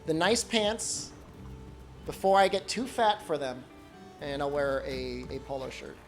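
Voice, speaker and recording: A man's voice: fairly high pitch, animated, a little slow, soft background music. A man streaming a game, chatting casually and jokingly, rambling with lots of "like" fillers. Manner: rambling, heavy use of "like", joking. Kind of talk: casual chat while gaming.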